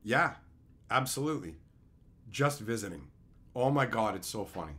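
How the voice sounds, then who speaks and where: A man's voice: fairly low pitch, expressive, moderate pace, fairly bright tone. A man streaming live, chatting casually with his chat and ranting with repeated, profane phrases. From Canada.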